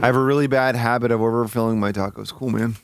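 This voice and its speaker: A man chatting casually on a live stream. He swears often, thinks aloud, mocks himself and jumps into high outbursts. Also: fast talker, loud music behind the voice. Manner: excitable, swears a lot, sudden high-pitched outbursts; self-mocking, thinking aloud.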